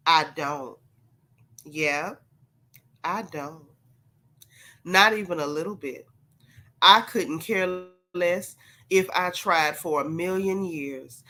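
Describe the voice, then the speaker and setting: With a lowish, pushed and bright voice, a congested woman runs a gossip livestream at a slow pace full of long pauses. She addresses her chat head-on and repeats her points for emphasis.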